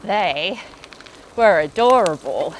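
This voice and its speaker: Cycling outdoors through a forest, a woman with a lowish voice vlogs in an animated way but at a slow pace. She chats away during the ride and coos at animals she meets, with slight background noise in the recording.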